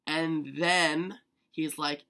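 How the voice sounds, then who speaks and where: A young man telling a story to camera in a chatty, excitable vlog manner, full of "like". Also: fairly high pitch, extremely slow. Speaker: vlogger.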